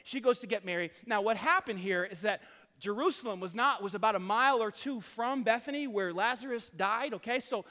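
A male pastor preaching a sermon in a lively, conversational manner with chuckling asides. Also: high-pitched, fairly quick. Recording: long hall reverb.

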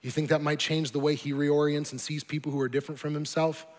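A man's voice: fairly high pitch, flat delivery, fast. A man preaching as a pastor, earnest, building to emphatic appeals. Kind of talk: sermon. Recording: long reverb with soft music behind.

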